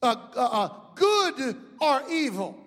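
A middle-aged male pastor preaching a sermon, calling out to the congregation and rising into shouts. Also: extremely high pitch, big pitch swings, slow, long reverb tail. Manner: preaching with call-outs to the congregation.

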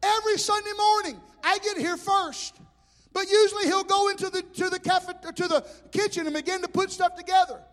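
A man preaching a sermon as pastor, telling animated stories. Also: extremely high pitch, fairly quick. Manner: animated storytelling with shouted impressions. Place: church hall. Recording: hall reverb.

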